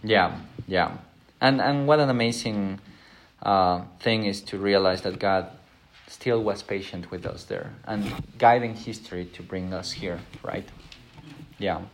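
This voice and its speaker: A man's voice: on the low side, a little slow. Earnest man teaching a Bible lesson. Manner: earnest, self-deprecating, acts out quoted voices.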